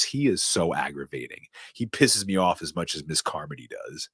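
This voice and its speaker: A man hosting a podcast, retelling a movie in animated, casual storytelling. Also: deep voice, brisk, hardly any pauses, slightly rough, no room sound. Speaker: podcast host. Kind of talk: casual movie recap chat.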